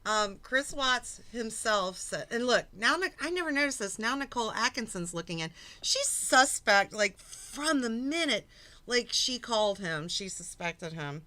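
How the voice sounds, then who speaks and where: Middle-aged lady streaming, frazzled, swears a lot, laughs it off, crisp clear voice. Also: fairly high pitch, expressive, measured pace, pushed and bright. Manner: flustered, swearing, laughing through setbacks. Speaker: livestream host. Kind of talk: casual livestream chat.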